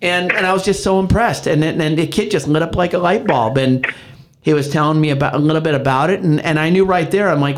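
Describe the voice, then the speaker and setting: A man's voice: fairly high pitch, fast. Rambling older Midwestern man. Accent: Midwestern American. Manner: rambling, many restarts, animated retelling. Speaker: podcast co-host, county council member. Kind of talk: casual chat.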